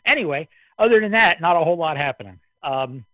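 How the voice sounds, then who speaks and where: A man from the Midwest calling into an amateur radio net, talking in a relaxed, rambling way and slightly out of breath. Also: a little high, fast, no room sound. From American Midwest. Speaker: caller on the net. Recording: dry radio transmission, phone-like band.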